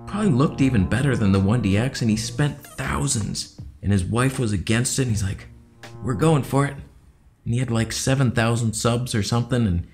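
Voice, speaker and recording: A young man casually ranting to camera in his living room, sarcastic and jumping between loud jabs and low mutters. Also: a little fast, faint music behind. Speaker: YouTube host.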